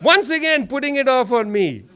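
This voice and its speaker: A man's voice: extremely high pitch, expressive, moderate pace, a bit bright. A man giving a keynote at a political conference, emphatic and sarcastic, repeating lines for effect and joking with the audience in the room. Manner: jokes with the audience. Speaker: keynote speaker.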